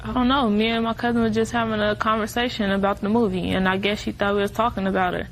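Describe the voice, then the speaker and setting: A woman's voice: mid-range voice, little pitch movement, fast talker, slight background noise, rough recording. A young woman testifying as defendant, retelling events at length in a rambling way. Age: young adult. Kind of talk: courtroom testimony.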